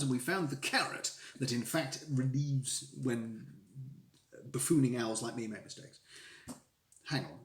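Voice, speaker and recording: Male streamer, casual self-mocking chatter, lively up-and-down pitch, echoey room with faint hiss. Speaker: streamer building Lego. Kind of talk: casual live-stream chat.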